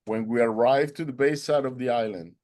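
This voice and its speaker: A man earnestly telling a personal story, halting and restarting as he goes. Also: medium pitch, a little mellow.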